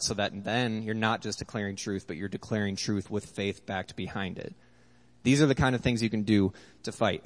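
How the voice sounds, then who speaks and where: A man preaching an earnest sermon as a pastor, reading scripture aloud. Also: medium pitch. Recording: long hall reverb.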